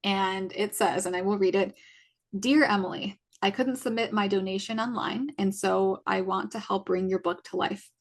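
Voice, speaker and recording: A woman in her twenties, a podcast co-host, casually recounting a personal story and acting out what people said to her. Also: mid-range voice. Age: 20s. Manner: retells events by acting out quoted exchanges; chatty, many likes and restarts.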